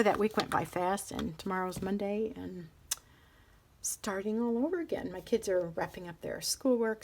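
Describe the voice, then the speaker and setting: A middle-aged woman casually chatting through a pen and ink review, rambling and interrupting herself as she thinks aloud. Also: lowish voice. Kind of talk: casual show-and-tell vlog.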